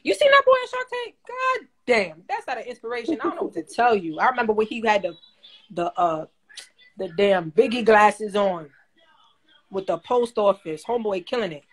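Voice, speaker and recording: A woman coaching listeners on credit in a casual livestream, talking in animated slang and laughing often. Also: mid-range voice, moderate pace, slightly rough. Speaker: credit coach teaching a class. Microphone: phone.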